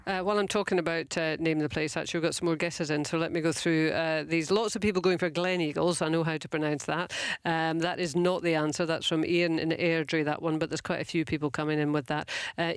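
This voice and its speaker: A radio host in a studio chats easily with listeners, polite and a little self-deprecating. The voice is smooth and clear, sitting at a middling pitch, and the close microphone leaves almost no room sound. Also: no room sound. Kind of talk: casual radio chat.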